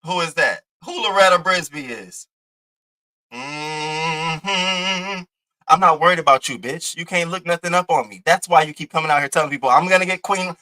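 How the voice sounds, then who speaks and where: The audio is poor as a young man on a livestream rants hotly at a rival, trash-talking with profanity and taunts. His voice is a little high and sharp in tone, moving at a moderate pace.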